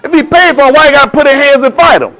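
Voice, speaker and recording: A man delivering a heated, preachy monologue in slangy street talk, swinging between loud jabs and low asides. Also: rapid-fire. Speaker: vlogger. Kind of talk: ranting commentary monologue.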